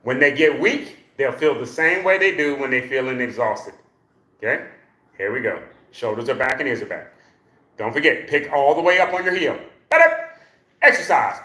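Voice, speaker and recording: A man leading a live exercise class for seniors, counting reps loudly, joking and coaxing the class along. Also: medium pitch, animated, normal speed. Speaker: senior fitness instructor. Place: exercise room. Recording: echoey room.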